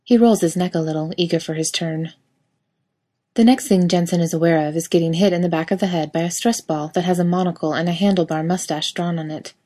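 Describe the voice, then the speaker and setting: A woman reads a story aloud with a wry, casual delivery that lets the odd swear word through. Her voice sits a little low. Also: fairly even intonation, a little fast, warm tone. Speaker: reader. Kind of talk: storytelling narration.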